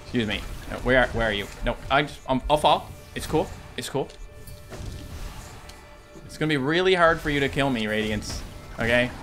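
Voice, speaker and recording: A man in his thirties giving excitable, jokey let's-play commentary, talking to enemies and viewers. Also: medium pitch, fast talker, faint music behind. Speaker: gaming YouTuber.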